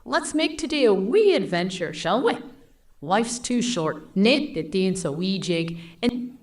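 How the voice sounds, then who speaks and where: A woman's voice: mid-range voice, sing-song, unhurried, darkish tone, recorded from a distance. A woman voicing a playful, cheerful young Scottish woman for a game.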